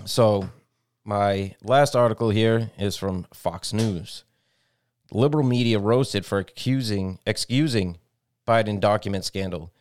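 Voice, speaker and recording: A man's voice: lowish voice, measured pace, a little mellow, no echo. A man co-hosting a casual political podcast, blunt and profane, who reads news headlines aloud. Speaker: podcast co-host.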